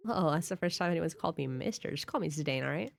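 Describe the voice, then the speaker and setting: A woman's voice: sits low, animated, very fast, vocal fry, a little hiss or hum. A woman reading the lines of a cocky young male thief hero from a video game, her delivery brash and earnest.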